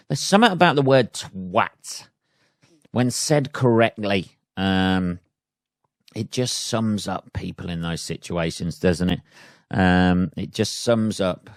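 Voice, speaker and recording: A man's voice: on the low side, animated, measured pace, no echo, clean studio sound. Sweary man ranting on a podcast. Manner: sweary, rambling, self-amused. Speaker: podcast host and stand-up comedian. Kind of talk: casual solo podcast rant.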